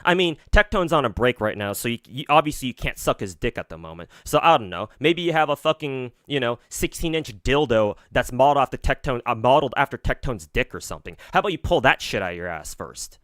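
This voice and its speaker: Male streamer, sarcastic and profane reaction commentary, lively pitch, dry sound. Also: fast talker, hardly any pauses, no echo.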